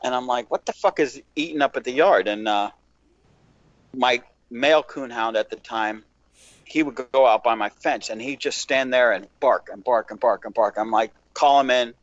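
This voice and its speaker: A man's voice: mid-range voice, moderate pace, no echo. A man in casual podcast chat, telling a long profane story and acting out what people said. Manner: profane, animated storyteller, acts out quotes. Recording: dull lo-fi dry sound.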